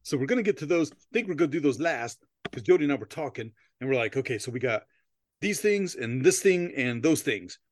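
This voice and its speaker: Animated, joking man hosting a podcast. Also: medium pitch, fairly quick, dry recording, studio quality. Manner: joking, laughs often, goofy tangents. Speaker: podcast host. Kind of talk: casual comedy podcast chat.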